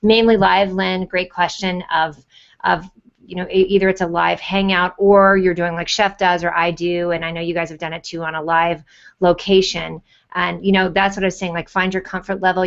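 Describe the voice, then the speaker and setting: A woman on a panel, chatty and rambling, telling animated stories over a video call. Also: on the low side, muffled recording. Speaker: panelist and YouTube show host. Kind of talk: casual panel chat.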